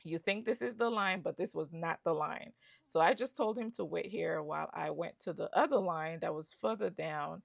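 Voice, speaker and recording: A woman's voice: medium pitch, expressive, normal speed, gravelly, no room sound, studio quality. A woman telling her travel story in a chatty vlog, with asides to the viewer. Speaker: travel vlogger. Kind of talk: casual travel vlog narration.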